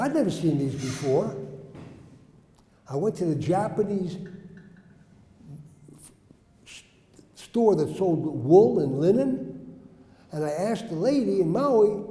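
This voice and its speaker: Man, high voice, mellow tone, storytelling to audience, quizzes listeners, echoey hall with long reverb. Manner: animated, asks the audience questions, acts out quotes loudly. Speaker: speaker telling his spiritual story. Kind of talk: storytelling talk to a live audience.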